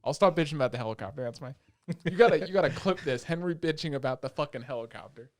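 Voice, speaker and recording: A man's voice: on the high side, lively intonation, fast, no echo, studio quality. A young man co-hosting a casual podcast, ranting heatedly and swearing a lot. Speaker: podcast co-host.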